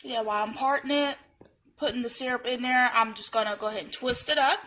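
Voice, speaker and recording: A woman beauty vlogger walks through her hair routine in a relaxed, explanatory voice-over. Her tone is bright and a little high. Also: quick pace. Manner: plain, explanatory, conversational. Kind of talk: step-by-step hair tutorial voice-over.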